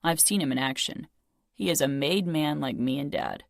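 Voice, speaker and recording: Woman voicing a stern young man, clipped, grim, low voice, dry audiobook recording. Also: moderate pace, creaky, dry recording. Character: protective young man, stern twin brother.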